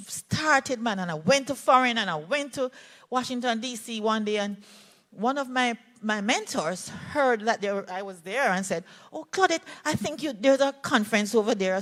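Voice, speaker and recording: An older Jamaican woman, a play therapist, telling a personal story in an animated way at a conference talk. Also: medium pitch. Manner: animated storytelling, voices quoted speakers. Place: conference hall.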